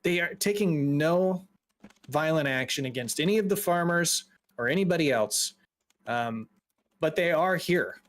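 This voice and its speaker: Casting: male game master, relaxed storytelling, fairly high pitch. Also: measured pace. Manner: relaxed, laughs often, descriptive. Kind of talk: narrating a tabletop game.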